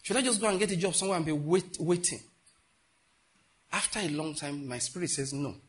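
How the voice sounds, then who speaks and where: Nigerian pastor guy preaching, tells stories, acts out voices, gets loud all of a sudden, bit high-pitched. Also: fairly quick. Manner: animated storytelling, acts out dialogue with sudden loud outbursts. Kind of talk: sermon.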